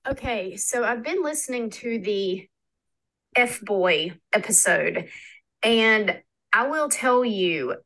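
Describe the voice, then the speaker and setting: A woman's voice: a little high, lively intonation, takes it slowly, a bit bright, poor audio. A woman with a Southern US accent, leaving a recorded voice message for a podcast about her own experience, earnest and personal. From North Carolina. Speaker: listener sending in a voice message.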